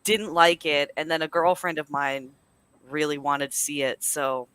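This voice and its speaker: Bright-voiced deadpan podcast guest. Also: medium pitch, measured pace, smooth, dry recording. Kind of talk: casual group chat.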